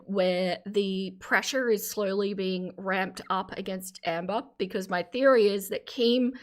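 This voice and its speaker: A woman in her thirties hosting a casual reaction livestream, chatty and opinionated, thanking viewers as she talks. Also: medium pitch.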